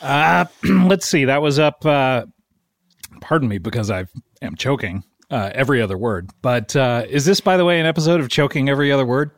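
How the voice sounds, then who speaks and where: A middle-aged man co-hosting a comedy podcast, halting and deadpan, with many restarts. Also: mid-range voice, vocal fry, dry recording, studio quality. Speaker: podcast co-host. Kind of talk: improvised comedy podcast chat.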